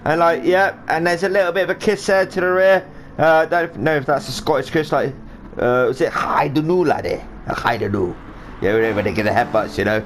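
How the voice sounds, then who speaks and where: A fast-talking man with a voice on the high side rambles through jokey live commentary of a sim race he is racing in himself, doing goofy driver voices while game audio hums faintly in the background.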